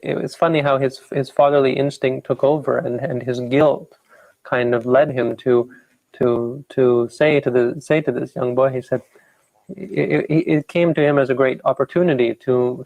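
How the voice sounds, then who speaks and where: Gravelly-voiced monk telling a story. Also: male voice, mid-range voice, darkish tone, no echo, low-quality recording. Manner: unhurried storytelling, acting out quoted speech lightly. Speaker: Buddhist monk and meditation teacher. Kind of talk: dhamma talk retelling a scripture story.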